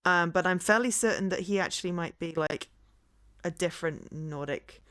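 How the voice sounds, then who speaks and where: A woman in her forties from the English Midlands, with a fairly neutral English accent, chats casually on a live game stream, rambling and self-deprecating with lots of fillers and restarts. Her voice is lowish and a bit bright, at normal speed. The recording is dry and studio quality.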